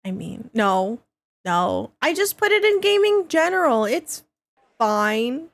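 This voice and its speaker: A woman's voice: fairly high pitch, takes it slowly. A woman streaming a game live, chatting casually with her viewers and laughing often. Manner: giggly, excitable, laughs often.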